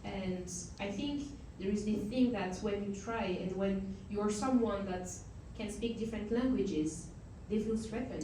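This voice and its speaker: A woman's voice: medium pitch, unhurried, few pauses, noisy background. French-accented woman in an echoey hall. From France. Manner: animated, laughs often. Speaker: guest. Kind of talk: fireside chat. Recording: echoey hall, mic at a distance.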